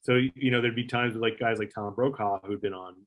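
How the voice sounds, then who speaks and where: Here a middle-aged man who used to produce a talk show tells a story in an informal interview, voicing the characters he quotes and leaning on fillers and profanity. His pitch is fairly low, his tone steady and fairly bright, his delivery fairly quick.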